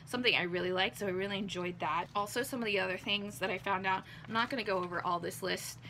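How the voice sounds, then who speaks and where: A woman's voice: medium pitch, quick pace, pushed and bright, slight background noise. A young woman vlogger losing her voice, chatting casually through an unboxing, rambling with lots of ums and likes.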